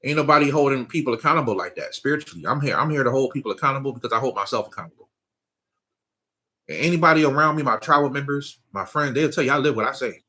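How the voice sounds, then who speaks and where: Laid-back bright-voiced man preaching casually. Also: mid-range voice, fast. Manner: loose, conversational preaching with frequent laughs and "you know what I'm saying". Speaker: spiritual teacher. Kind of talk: casual talk to viewers.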